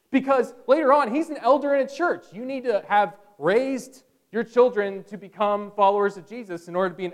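Man, pastor, conversational sermon, high voice, smooth clear tone. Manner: conversational preaching, rises to bursts of energy.

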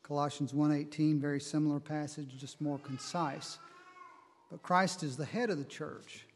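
A man preaching a sermon, reading scripture in a measured way and explaining it. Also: fairly high pitch, steady tone, in a large hall, slight background noise. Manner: measured Bible reading and teaching, slow on quoted verses.

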